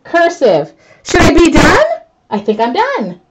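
A woman artist chatting to her live viewers as she works, excitable and self-mocking, laughing often. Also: high-pitched, a little slow, heavy background noise. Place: home art studio, indoors. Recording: dull lo-fi stream audio.

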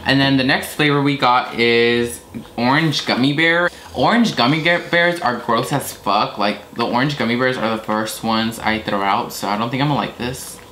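This young vlogger hosts his channel in a loose, unfiltered style, swearing now and then. He speaks at normal speed in a medium pitch with a sharp edge, recorded as a noisy home video.

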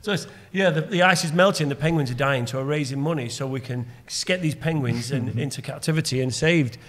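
A man co-hosting a podcast, telling a story in quick, animated casual pub chat. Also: fairly high pitch, in a large hall. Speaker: podcast co-host.

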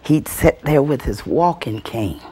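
A woman's voice: extremely low pitch, measured pace, husky. A woman telling family stories, calling out voices and then dropping to a whisper, recorded on an old VHS tape. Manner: animated, calls out voices, drops to whispers. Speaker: storyteller. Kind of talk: family storytelling.

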